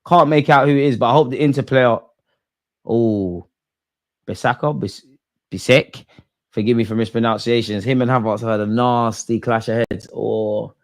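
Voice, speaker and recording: A young man hosting a live football watch-along, animated and slangy, swinging from loud outbursts to low muttering. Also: normal speed.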